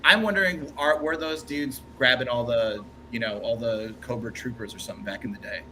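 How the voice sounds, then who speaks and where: A man's voice: medium pitch, a little fast, sharp tone, a little hiss or hum. A man hosting a podcast, chatting in a jokey, rambling way full of fillers. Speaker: podcast host. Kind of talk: casual chat.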